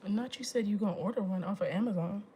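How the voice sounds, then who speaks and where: A woman in her thirties hosting a phone livestream, telling a story to her viewers in an exasperated, animated way with emphatic asides. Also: mid-range voice, quick pace, slight background noise. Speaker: livestream host.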